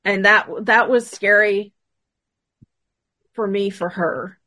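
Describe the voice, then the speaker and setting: A woman guest tells a story from a paranormal investigation in a casual, lively voice, acting out what each person said. Her pitch sits in the middle range. The sound is dry and close, with no room echo. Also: takes it slowly. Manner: animated retelling, acting out quoted dialogue.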